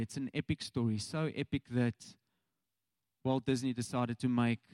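A man in his thirties with a South African accent preaches a casual, chatty sermon directly to his congregation. His medium-pitched voice is mellow, with no room sound.

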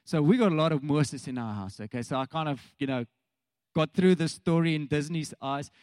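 A man's voice: fairly high pitch, a little fast, darkish tone, no room sound. A man in his thirties with a South African accent, preaching a casual, chatty sermon straight to the congregation. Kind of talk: conversational sermon.

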